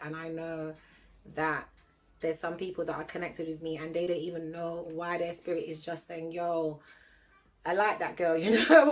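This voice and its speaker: A woman's voice: fairly low pitch, a little mellow. A woman hosting a casual livestream, chatting with viewers and reading cards. She laughs often and mixes patois with London slang. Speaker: livestream host and card reader.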